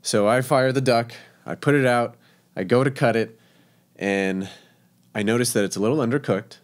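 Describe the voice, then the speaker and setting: Chatty chef telling kitchen stories. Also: male voice, mid-range voice, normal speed. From Texas. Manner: chatty, laughing, many fillers. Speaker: professional chef. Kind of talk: casual storytelling interview.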